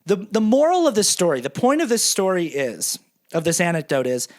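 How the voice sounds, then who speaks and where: A man with a fairly high voice tells a personal story in a loose, casual monologue. He is self-deprecating and animated, and he acts out both sides of a quarrel as he goes. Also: a little fast. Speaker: podcast host.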